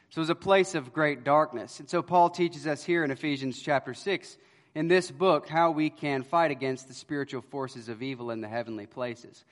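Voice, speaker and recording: A man preaching a sermon, telling stories and moving between loud emphasis and quiet, low lines. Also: long reverb tail. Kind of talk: expository sermon.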